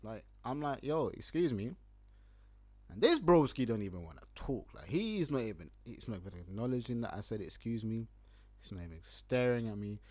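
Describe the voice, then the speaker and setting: Lively young London man telling a story. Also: lowish voice, a little fast. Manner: animated, acts out his own lines loudly, laughs often. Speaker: podcast host. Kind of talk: casual storytelling monologue.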